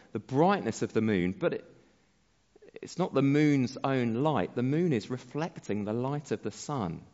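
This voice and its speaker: A man preaching a sermon as pastor, slow and measured, letting his phrase endings fall soft. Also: mid-range voice. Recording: dull sound with long hall reverb.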